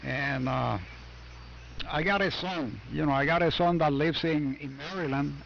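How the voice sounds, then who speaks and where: Older ham operator with a Puerto Rican accent, friendly and halting, fairly high voice over muffled radio. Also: male voice, vocal fry, a bit bright. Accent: Puerto Rican Spanish. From Puerto Rico. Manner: friendly, halting, many "uh" and "you know". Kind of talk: casual on-air radio chat. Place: home basement. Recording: muffled amateur radio audio, faint static.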